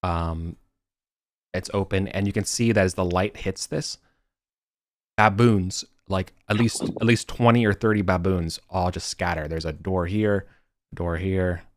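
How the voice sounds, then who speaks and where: A man's voice: low voice, steady tone, a little slow, no echo, studio quality. A man running a tabletop game over an online voice call, talking casually and correcting himself as he goes. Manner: rambling, self-correcting, casual. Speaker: game master.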